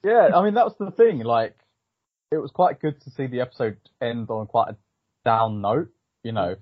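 A man's voice: medium pitch, moderate pace, no echo. A man co-hosting a podcast, musing thoughtfully about an episode in casual chat with many "you know"s. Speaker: podcast co-host. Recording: dull lo-fi, dry.

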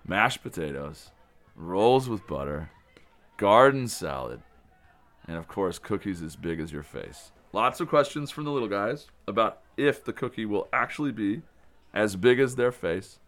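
Guy running a summer camp rambling happily about the day, lowish voice, lots of restarts. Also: big pitch swings, unhurried, a bit bright. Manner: rambling, enthusiastic storytelling with restarts. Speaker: camp director. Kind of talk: casual spoken recap of the day.

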